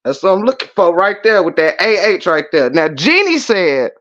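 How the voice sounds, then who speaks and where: A livestream host casually retelling a story to the chat, animated and profane, with emphatic, drawn-out phrases. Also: medium pitch, highs cut off. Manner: animated and profane, with frequent laughing fits.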